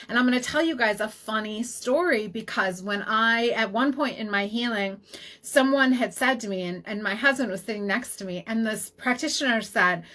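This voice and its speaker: Animated, high-voiced woman health practitioner. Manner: animated storytelling with quick asides. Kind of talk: casual teaching talk.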